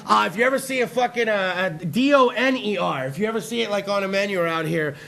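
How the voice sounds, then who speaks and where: Man, talk show host, high voice, bright tone, profane, rambling, excitable rant. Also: quick pace, gravelly. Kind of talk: comedic rant on a live internet talk show.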